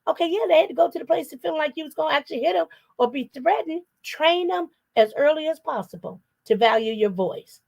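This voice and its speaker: A woman's voice: high-pitched, a little fast, gravelly, hardly any pauses. A middle-aged woman, a psychotherapist, giving a parenting talk full of personal stories and acted-out quotes. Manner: animated storyteller, acts out quoted voices. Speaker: psychotherapist and guest speaker.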